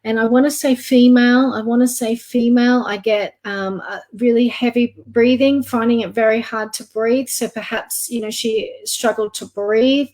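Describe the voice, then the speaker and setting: A woman giving a psychic card reading on a live online stream. She talks softly and gently, halting often with fillers. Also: a little high, fairly even intonation. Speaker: psychic reader.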